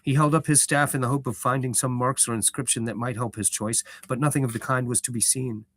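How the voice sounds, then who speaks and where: A man with a rough, roughened voice reading a book aloud and chatting casually on a live stream. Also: medium pitch, fairly even intonation, fast talker, a bit bright, no echo. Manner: chatty and self-deprecating, with fillers.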